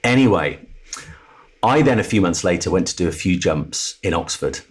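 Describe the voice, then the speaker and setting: A middle-aged man speaks in a low, husky voice. He tells a personal story candidly and with animation, and he slips into the voices of the people he quotes. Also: normal speed. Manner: animated storyteller who acts out the voices of others. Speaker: podcast guest, TV presenter.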